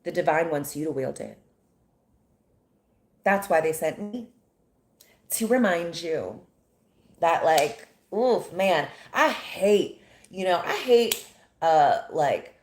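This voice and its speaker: A woman's voice: lowish voice, lively intonation, slow, long pauses, echoey room. An American woman giving an impassioned, indignant monologue full of rhetorical questions. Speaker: commentator.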